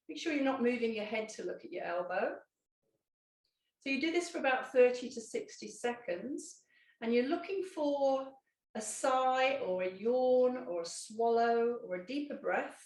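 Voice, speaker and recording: A woman, a Pilates instructor gently guiding a seated exercise, with calm instructions and small self-corrections. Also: mid-range voice, far from the mic. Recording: echoey room, voice off-mic.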